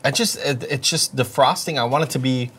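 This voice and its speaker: A man's voice: mid-range voice, a bit bright, slightly rough. A man co-hosting a comedy podcast, teasing and playful in casual banter. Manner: teasing, playful, quick to laugh. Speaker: podcast co-host.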